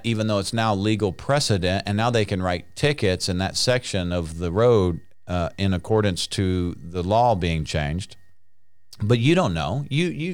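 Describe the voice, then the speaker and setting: A male preacher delivering a sermon in a somewhat low voice. He talks emphatically, circling back over his phrases and punctuating them with hallelujahs. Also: clean tone. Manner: emphatic and repetitive, restarting phrases, frequent hallelujahs.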